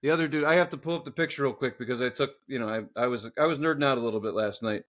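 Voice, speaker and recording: A man co-hosting a podcast, telling a workplace story in casual, profane chat and acting out the people in it loudly. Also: medium pitch, racing. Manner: swearing storyteller, loud animated reenactments. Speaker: podcast co-host.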